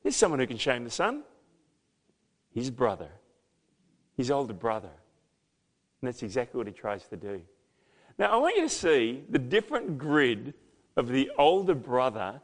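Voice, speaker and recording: Pastor preaching in an echoing hall. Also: male voice, mid-range voice, big pitch swings, normal speed, pauses often. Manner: emphatic, rising to loud dramatic peaks. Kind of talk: sermon. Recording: long hall reverb.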